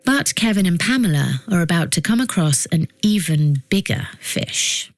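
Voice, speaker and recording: A woman narrating a documentary podcast from a script, with a measured delivery that builds suspense. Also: on the low side, expressive, noisy background.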